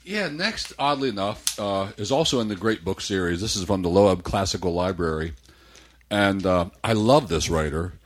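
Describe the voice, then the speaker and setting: An older American man in casual conversation about books, relaxed and rambling, now and then reading a passage aloud. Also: low-pitched, normal speed. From United States.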